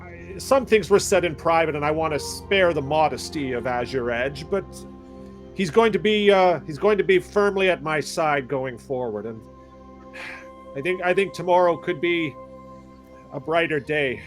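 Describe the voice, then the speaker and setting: Guy playing his paladin, keeps stumbling over words, slightly high voice. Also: lively intonation, normal speed, soft background music. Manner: bumbling, stammering and earnest. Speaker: player. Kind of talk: in-character tabletop role-play.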